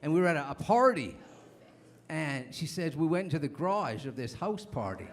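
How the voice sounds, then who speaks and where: A man's voice: on the high side, big pitch swings, normal speed. A man in his late thirties doing a stand-up comedy set, telling rambling stories that keep stopping and restarting. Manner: rambling, self-interrupting storyteller.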